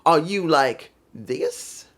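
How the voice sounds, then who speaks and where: A wrestler's mocking taunts, sing-song and teasing, his voice leaping up high and dropping back down, as a vlogger puts him on. The jabs swoop about wildly, slow one moment and quick the next. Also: animated, fairly bright tone, heavily acted.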